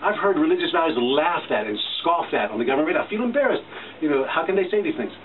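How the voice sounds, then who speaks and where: Middle-aged man, impassioned storyteller, quick delivery, slightly raised pitch, tinny far-off recording. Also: big pitch swings. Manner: emphatic, impassioned. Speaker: news station staff giving a studio tour. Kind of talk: animated storytelling. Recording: distant tinny recording with faint hiss.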